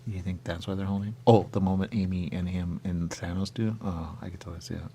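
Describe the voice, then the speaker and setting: A man's voice: low voice, steady tone, fast talker, mellow, a little hiss or hum. A man hosting a radio show, rambling and musing aloud in casual chat.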